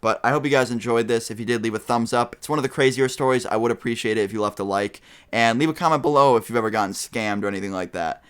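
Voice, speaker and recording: A man's voice: mid-range voice, fast talker, few pauses, clear, resonant tone. Young man telling a swearing-laden storytime. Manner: rambling, heavy swearing, animated retelling. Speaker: vlogger. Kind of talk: casual storytime vlog.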